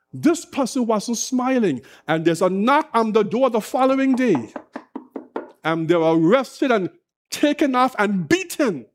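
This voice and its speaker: A man preaching a sermon as pastor, slow and impassioned with dramatic pauses. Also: sits high.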